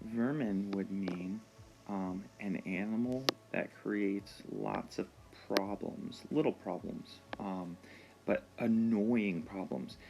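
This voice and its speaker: Slow, gravelly man teaching a lesson. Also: fairly low pitch. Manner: slow, patient explaining with many ums. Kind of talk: recorded reading lesson.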